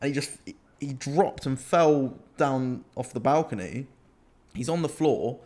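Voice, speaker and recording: A man's voice: mid-range voice, measured pace. Young British man telling wild stories. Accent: British English. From Britain. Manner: animated anecdote-telling, laughs often. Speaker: podcast co-host. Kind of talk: casual storytelling chat.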